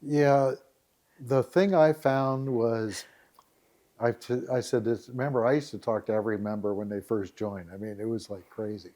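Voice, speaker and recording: A man's voice: medium pitch, normal speed. Chuckling man telling stories. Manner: chuckling, animated, quotes people in voices. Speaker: founder of a rural dating site, podcast guest. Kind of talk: casual interview storytelling.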